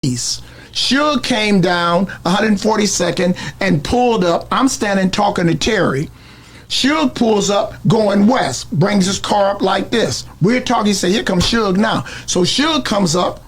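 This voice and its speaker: A man's voice: high-pitched, a little slow, slightly rough. A man being interviewed, telling a story blow by blow in a street manner. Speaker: interview guest.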